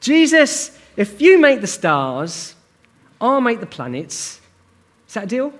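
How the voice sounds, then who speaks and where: A man's voice: very high-pitched, huge pitch swings, slow, pitched above the performer's own voice, exaggerated voice. A preacher voicing a chatty, friendly God the Father. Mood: playful. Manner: chatty, playful. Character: imagined God the Father, friendly and casual male.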